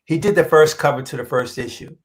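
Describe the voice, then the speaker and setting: The speaker is a man who draws comic books, and his voice sits a little high on a rough recording. Animated in a relaxed interview, he narrates a story and voices other people's lines, faltering and repeating himself when feelings run strong.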